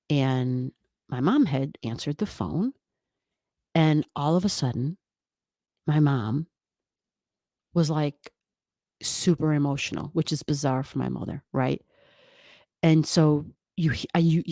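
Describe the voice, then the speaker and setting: A woman's voice: deep voice, mellow, no echo, studio quality. A woman hosting a casual livestream from home, rambling with many restarts and reading viewer comments aloud. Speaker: livestream host. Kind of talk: casual live-stream chat. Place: home room.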